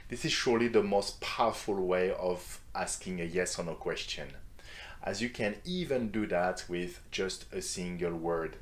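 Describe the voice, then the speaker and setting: A man teaching French grammar, reading example sentences and then translating them into English. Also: low voice. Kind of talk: scripted grammar lesson.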